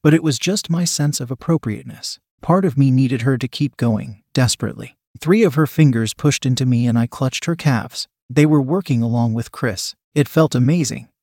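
A man narrating a first-person story as a scripted reading, in an even, steady manner. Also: mid-range voice, normal speed, few pauses, breathy edge, dry recording, clean studio sound.

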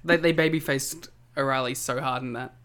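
A man's voice: mid-range voice, fairly even intonation, fairly quick, a bit bright, smooth. A man with an Australian accent co-hosting a casual wrestling podcast, joking and laughing often. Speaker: podcast co-host. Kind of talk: casual chat.

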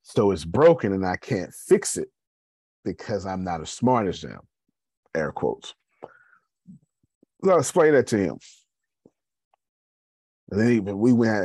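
Low, husky-voiced man. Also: a little mellow, no echo. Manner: conversational, addresses listeners as y'all. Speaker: host. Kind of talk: motivational business talk.

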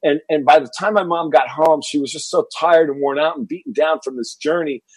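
A middle-aged man from Texas, a guest in an interview, telling stories in an animated way and acting out what people said. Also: fairly high pitch, brisk, slightly rough, dry recording, rough recording. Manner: animated storyteller acting out quoted dialogue. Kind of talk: storytelling interview.

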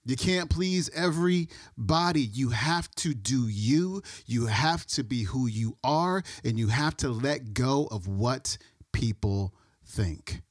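A man's voice: mid-range voice, animated, takes it slowly. A man hosting a podcast, introducing the next speaker in an upbeat, lilting way. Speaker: podcast host. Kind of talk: show introduction.

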